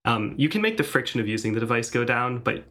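A man co-hosting a podcast, talking casually and hesitantly with many pauses. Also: medium pitch, big pitch swings, bright, forceful tone. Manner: hesitant, many fillers and restarts. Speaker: podcast co-host. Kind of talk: casual tech chat.

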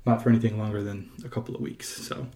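Rambling, animated man hosting a podcast. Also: on the low side, quick pace. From California. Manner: rambling and animated, lots of fillers and restarts. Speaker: podcast host. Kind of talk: casual podcast chat.

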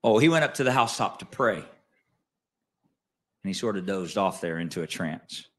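A man preaching a sermon as pastor, swinging between quiet asides and loud emphatic lines and asking the congregation questions. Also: deep voice, expressive, moderate pace. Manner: conversational, asks the congregation questions.

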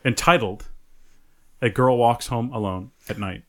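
Animated laughing man chatting about film. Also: medium pitch, unhurried. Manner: animated, laughs often, many restarts. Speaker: podcast co-host. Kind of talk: casual chat.

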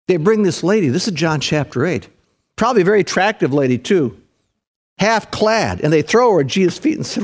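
A man delivers a sermon to a live congregation, his voice sitting a bit higher than most men's. He calls his listeners "man" and "folks" and swings from loud, fervent climbs to quiet, intimate passages. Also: lively intonation, moderate pace. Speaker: preacher. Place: church service with a live audience.

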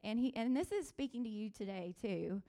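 A woman on a panel gently offering faith-based encouragement and quoting scripture in a reassuring, conversational way. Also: fairly high pitch, animated, fairly quick. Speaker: panel speaker. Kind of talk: devotional encouragement.

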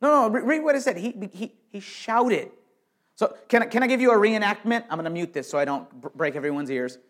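A pastor preaches an emphatic sermon in a voice that sits high, animated and a little fast. He swings between quiet, intimate lines and loud, raised passages, often repeating words as he restarts.

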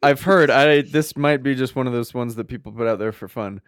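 A man in a casual chat who hedges and thinks out loud as he talks. His voice is smooth and resonant, and the sound is dry and close. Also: mid-range voice, brisk, no room sound.

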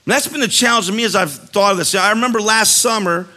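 A man giving a casual sermon as a youth speaker, telling animated stories with jokey asides. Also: sits high, quick pace. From West Virginia.

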